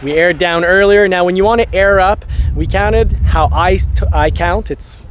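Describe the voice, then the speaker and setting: A man's voice: high-pitched, normal speed. A man hosting his car channel, talking casually and practically, joking now and then. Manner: chatty, practical, joking asides. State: out of breath after shoveling. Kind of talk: casual outdoor vlog narration. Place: outdoors at a beach by a vehicle. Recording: noisy outdoor recording.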